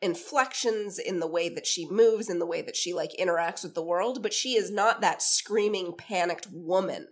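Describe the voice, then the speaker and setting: A woman co-hosting a podcast in casual chat, animated and swearing freely as she wonders aloud. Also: lowish voice, normal speed, few pauses. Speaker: podcast co-host.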